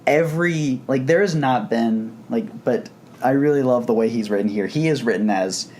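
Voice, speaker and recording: A man's voice: medium pitch, normal speed, darkish tone, a little hiss or hum. A man co-hosting a podcast, talking casually and enthusiastically about comics, rambling with frequent restarts. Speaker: podcast co-host. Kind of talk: casual comic book discussion.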